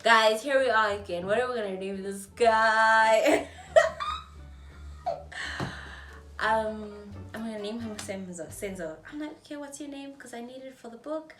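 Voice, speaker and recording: A woman in her twenties with a South African accent, telling a storytime on her vlog in a chatty, animated way and acting out the people in it. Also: on the high side, normal speed, roomy sound, far from the mic, over music. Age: 20s. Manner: animated, chatty, acts out dialogue in shifting voices. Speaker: vlogger.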